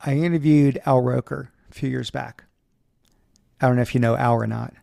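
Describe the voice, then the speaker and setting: Gravelly man hosting an interview. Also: mid-range voice, fairly even intonation, mellow, dry recording, clean studio sound. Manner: measured, attentive questioner. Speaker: podcast host interviewer. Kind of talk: interview questions.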